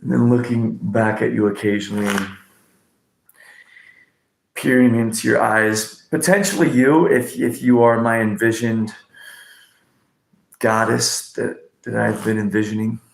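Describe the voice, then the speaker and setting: A man's voice: medium pitch, steady tone, unhurried, creaky, long pauses, roomy sound, slight background noise. A man hosting a livestream oracle card reading, ranting and rambling with profanity and pet names for viewers. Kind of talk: casual livestream chat.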